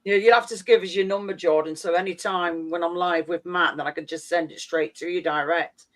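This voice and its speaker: A woman's voice: lowish voice, steady tone, fairly quick. A woman hosting a casual livestream, rambling and teasing as she chats. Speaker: livestream host. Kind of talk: casual chat.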